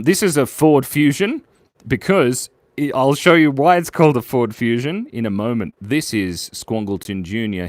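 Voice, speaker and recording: A man live-streaming while drawing, chatting playfully, muttering quietly as he works and jumping to squeaky, excited highs. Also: no echo. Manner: playful, jumps to squeaky high bursts of excitement.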